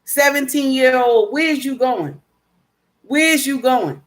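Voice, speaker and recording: A woman's voice: sits high, slow. Emphatic woman lecturing her live chat. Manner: emphatic, preachy, repeats points; calls listeners baby and my dear. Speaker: live stream host reading chat. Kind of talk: casual livestream talk.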